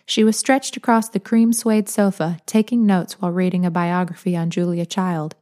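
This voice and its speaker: A woman narrating a novel as an audiobook, in a calm, even manner. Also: fairly low pitch, normal speed. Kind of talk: scripted narration.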